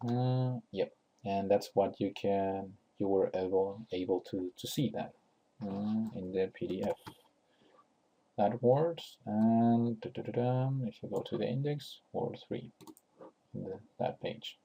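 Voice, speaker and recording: Slow, gravelly-voiced man explaining software. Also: low voice, muffled recording. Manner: unscripted, many fillers and restarts, thinking aloud. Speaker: tutorial host. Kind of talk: screen-recorded software tutorial.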